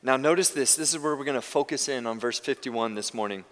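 In a large hall of a church sanctuary, a male pastor with a mid-range, slightly bright voice talks fast. His sermon is conversational, and he frequently starts his sentences over.

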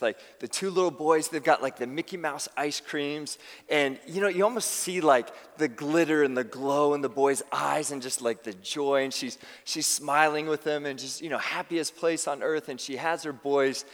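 A man preaching a sermon as pastor, talking conversationally and telling stories with quick restarts. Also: a little high, in a large hall. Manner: conversational, animated storytelling with restarts. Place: church sanctuary.

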